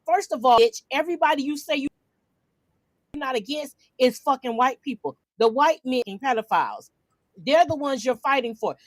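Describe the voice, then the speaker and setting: A brash woman with a high voice co-hosts a podcast, recorded dry and close. She rants in heated, casual commentary, loud and full of profanity. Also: animated, normal speed, no room sound, rough recording. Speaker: podcast co-host.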